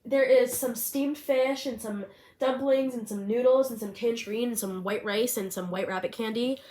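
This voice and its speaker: This young woman's voice is on the high side with a dark tone and a normal pace, though her cold makes it nasal and congested. Holding a pen-style mic, she rambles cheerfully and chattily to the camera from her small bedroom.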